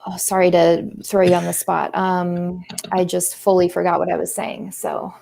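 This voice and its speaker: A woman's voice: lowish voice, monotone, moderate pace, gravelly, warm tone, a little hiss or hum. A woman artist and teacher chatting casually while she paints, earnest and a little preachy as she drifts into pep talks. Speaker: artist and teacher hosting a live creative stream.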